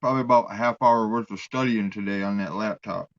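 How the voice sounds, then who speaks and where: A man's voice: fairly low pitch, fast, muffled recording. A man chatting casually as a stream guest, laid-back, calling the host "dude.". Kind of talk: casual chat.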